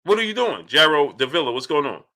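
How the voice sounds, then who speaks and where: A man's voice: a little high, very animated, quick pace, pushed and bright. A man hosting a live boxing talk stream. He greets chat viewers by name and repeats his points with emphasis. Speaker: boxing channel host.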